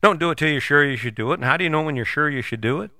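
A man in his sixties talks straight to the listener in a bright, forceful voice that rises and falls with a lot of life. He speaks blunt, folksy and a little profane, as in a motivational podcast. The sound is close and dry. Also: a little high, lively intonation, very fast, dry recording. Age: 60s. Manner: blunt, folksy, swears casually, jumps between voices for imagined people. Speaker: podcast host. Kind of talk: motivational monologue.

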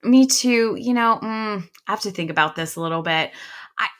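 A young woman chats enthusiastically about films as a podcast co-host. Her voice is bright and forward, full of quick "like" fillers and happy asides. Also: medium pitch. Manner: chatty, enthusiastic, many "like" fillers. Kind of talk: casual chat about films.

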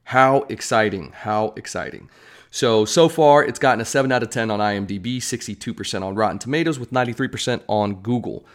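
A man's voice: mid-range voice, fast, hardly any pauses. A man giving casual, rambling commentary on upcoming films as a vlogger, with joking asides. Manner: chatty, rambling, self-deprecating asides. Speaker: movie news vlogger.

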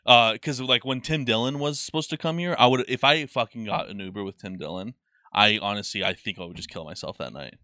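A man's voice: fairly low pitch, fairly quick, bright, forceful tone, no room sound, clean studio sound. A man co-hosting a podcast in casual chat, rambling and swearing with lots of filler words. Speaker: podcast co-host.

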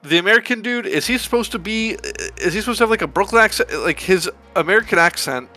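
A man with a sharp, bright voice co-hosts a podcast, chatting loosely about a movie. He rambles, swears and drags out words for emphasis. A faint music bed sits underneath. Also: high voice, expressive, fast talker. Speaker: podcast co-host. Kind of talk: casual movie review chat.

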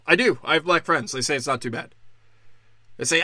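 A man's voice: a little high, sing-song, fairly quick, pauses often, pushed and bright, no echo, clean studio sound. A man hosting a solo podcast, ranting angrily and sarcastically with lots of swearing. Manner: angry, sarcastic, heavy swearing. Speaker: podcast host. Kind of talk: profane solo podcast rant.

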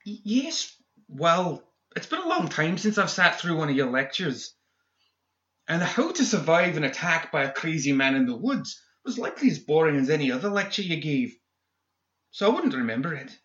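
A man voicing a sarcastic, sneering male doctor in an audiobook, pitched well above his own voice. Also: very animated, normal speed, fairly bright tone, echoey room, muffled recording.

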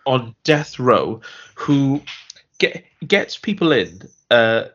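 Co-hosting a podcast, a man chats casually about a TV series, rambling, restarting often, and acting out quoted lines. His voice sits mid-range with big pitch swings and a fairly bright tone, and he takes it slowly; the recording sounds muffled.

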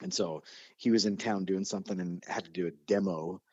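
A man's voice: low-pitched, fairly quick, breathy edge, no room sound, dull audio. A man hosting a podcast, telling stories in a casual chat and getting passionate and nerdy about his subject. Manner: animated storyteller, gets excited and nerdy. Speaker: podcast host.

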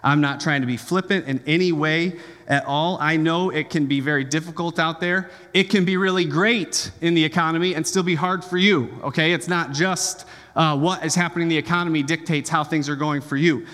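A man's voice: on the high side, fairly bright tone, in a large hall. A man preaching a sermon as pastor, conversational and joking, often checking in with the congregation.

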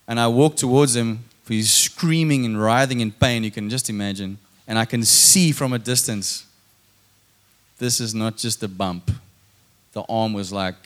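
A man in his thirties giving a sermon as personal testimony. His delivery is animated, with his voice rising and falling as he acts out his own thoughts and prayers. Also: mid-range voice. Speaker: preacher.

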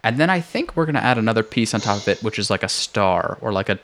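A man's voice: lowish voice, animated, fast, fairly bright tone. Rambling young man hosting a podcast. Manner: rambling, lots of fillers, laughs often. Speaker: podcast host. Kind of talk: casual chat.

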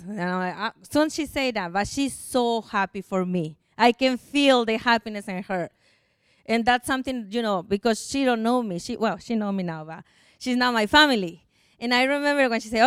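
A woman's voice: fairly high pitch, moderate pace, smooth, no echo, studio quality. A middle-aged woman from Mexico with a Mexican accent, giving an earnest, emotional personal testimony to a church congregation in non-native English. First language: Spanish.

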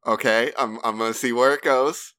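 A man's voice: medium pitch, steady tone, moderate pace, pushed and bright, smooth. A man co-hosting a podcast, reacting with dry, skeptical remarks in casual chat. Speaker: podcast co-host.

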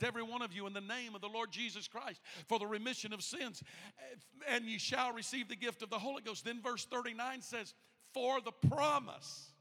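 A man preaching a sermon as pastor of the church, moving from quiet storytelling to loud, shouted calls to the congregation. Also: extremely high pitch, in a large hall. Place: church sanctuary.

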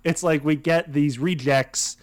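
A man's voice: on the high side, steady tone, unhurried, no room sound. A young man co-hosting a podcast, rambling through an idea with frequent chuckles and restarts. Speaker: podcast co-host. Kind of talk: casual chat.

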